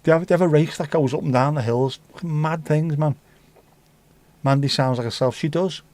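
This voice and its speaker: Swearing livestream host. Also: male voice, fairly high pitch, fairly quick, a little mellow, no room sound. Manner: banter with swearing and mock accents. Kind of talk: casual livestream chat.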